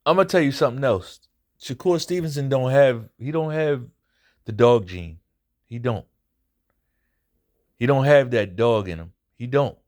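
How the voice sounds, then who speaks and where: Medium in pitch with a darkish tone, his measured delivery is broken by frequent pauses. He's the host of a boxing commentary channel giving an easygoing fight recap, blunt and profane, circling back to his points to stress them.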